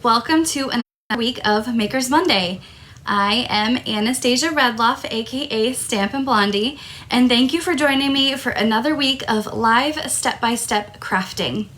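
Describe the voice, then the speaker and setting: A crafting host from Tucson, Arizona, is running a live stream, her voice on the high side, fairly bright and at normal speed. She chats casually and keeps apologizing as a tickle in her throat sets off coughs.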